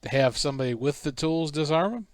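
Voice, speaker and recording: A man's voice: a little high, animated, fairly quick, dry recording, studio quality. A man playing a tabletop game for the first time, hesitant and full of questions. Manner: hesitant, confused, keeps asking questions. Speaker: player. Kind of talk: casual game chat.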